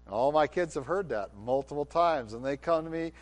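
A man's voice: a little high, expressive, brisk. A middle-aged man preaching a sermon, with acted quotes and passionate, rising delivery. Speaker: pastor.

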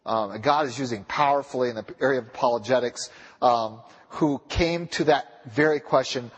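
A man preaching a sermon in a church, with a husky voice, pressing his listeners with repeated rhetorical questions. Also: mid-range voice, moderate pace, lo-fi sound. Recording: long reverb of a large hall.

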